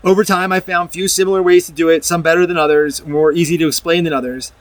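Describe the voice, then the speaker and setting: A man's voice: on the high side, steady tone, fast talker, dry recording. A man casually talking viewers through a math proof. He restarts his sentences and mixes reading from a document with loose comments. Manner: rambling, restarts often, reads from a document and comments. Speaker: math video presenter. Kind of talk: casual explanatory math lecture.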